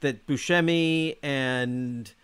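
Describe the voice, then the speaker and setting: Podcast co-host: a man of mid pitch, hesitant, restarting his sentences, casual film talk. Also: a bit bright, clean tone. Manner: halting, restarts, defends the film. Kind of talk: casual movie review chat.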